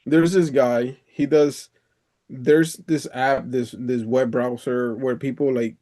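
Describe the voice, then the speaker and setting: This Dominican man chats casually with his coach over video, his mid-range voice mellow, steady in tone, and slow. He tells rambling stories, bursts out laughing a lot, curses, and drops "bro" all the time.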